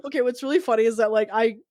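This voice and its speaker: A young man co-hosting a podcast in casual chat, giggly and rambling with lots of "like", his changing voice prompting him to clear his throat often. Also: very high voice, darkish tone, no room sound, clean studio sound. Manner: giggly, rambling, heavy use of "like". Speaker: podcast co-host.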